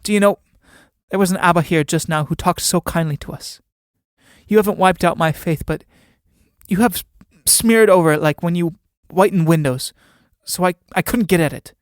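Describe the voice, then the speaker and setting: Male reader voicing nervous young mistress, halting stammer, dry close sound. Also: sits high, clean tone, dry recording, lightly acted. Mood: fearful. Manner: hesitant, stammering. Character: anxious devout young woman, mistress.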